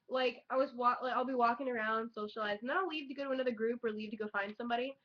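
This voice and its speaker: Young woman, casual vlogger, chatty and excitable, higher voice, muffled lo-fi webcam sound. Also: fast. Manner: chatty, excitable, heavy use of "like" and swearing. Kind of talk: casual chat to camera. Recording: dull lo-fi webcam audio.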